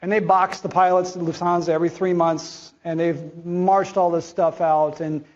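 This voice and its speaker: Male speaker, high-ish voice, blunt and casual conference presenter, muffled lo-fi sound. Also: flat delivery, normal speed, a little mellow, slight background noise. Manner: blunt, conversational, slangy asides. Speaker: chief medical officer giving a conference talk. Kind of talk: conference talk.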